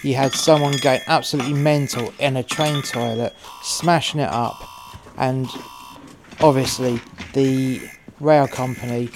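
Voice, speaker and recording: Man, sweary storyteller, wry asides, middling pitch, faint noise behind. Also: steady tone, measured pace. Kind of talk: first-person crime story narration.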